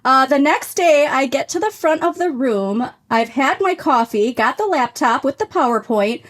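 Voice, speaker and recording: A woman's voice: high-pitched, expressive, moderate pace. A woman co-hosting a casual podcast chat, reading a listener's story aloud with frequent laughter.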